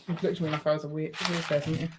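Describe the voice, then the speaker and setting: Chatty teasing woman, low-ish voice. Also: little pitch movement, rapid-fire. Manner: chatty and teasing, laughs often. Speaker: co-host of a live building stream. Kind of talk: casual chat while building. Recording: faint background noise and clicks.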